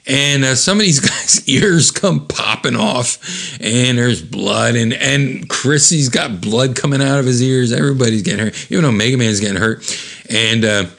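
A man rambling through a story about his old comic, halting often with fillers. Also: medium pitch, vocal fry, a bit bright.

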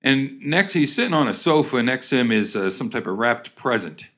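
A man reads old jokes aloud and rambles through descriptions of cartoons, stopping often with uh and restarts. His pitch swings in a lively way, with a wry, easygoing delivery. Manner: halting, lots of uh and restarts, wry. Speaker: host reading jokes aloud. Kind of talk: casual reading and rambling description.

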